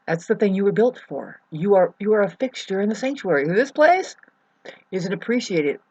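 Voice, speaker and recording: A sleep-deprived woman vlogging a rambling, emotional monologue, swearing often and swinging from low murmurs to loud outbursts. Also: animated, moderate pace, breathy edge, dry recording, highs cut off. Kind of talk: rambling personal monologue to camera.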